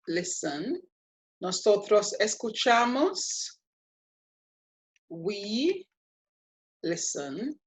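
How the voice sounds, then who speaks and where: A woman teaching a language lesson, walking through each step with patient, playful explanations. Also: mid-range voice. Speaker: Spanish teacher. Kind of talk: slow, deliberate language lesson.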